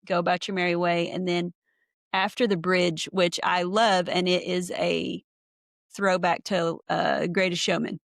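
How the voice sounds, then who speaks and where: Gravelly woman host chatting on a call, lots of likes and you knows, excited. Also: on the low side, measured pace, no room sound, clean studio sound. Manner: enthusiastic, thinks aloud with many fillers. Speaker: podcast host, therapist. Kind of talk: casual podcast chat. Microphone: remote call.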